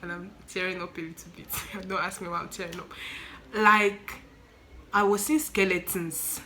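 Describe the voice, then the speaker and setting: Animated Nigerian young woman storyteller. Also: lowish voice, normal speed, slight background noise, low-quality recording. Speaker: student nurse vlogger. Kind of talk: storytime vlog.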